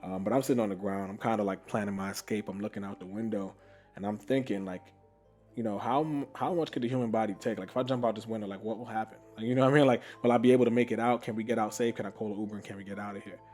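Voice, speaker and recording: A man hosting a podcast, telling a story in an animated, casual way, with frequent laughs and many fillers. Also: on the low side, rapid-fire, soft background music. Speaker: podcast host.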